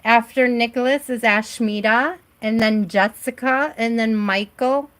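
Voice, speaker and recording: A woman's voice: a little high, unhurried, fairly bright tone. A middle-aged woman hosting a live tarot stream from home, chatting casually and reassuringly and often checking in with "right?".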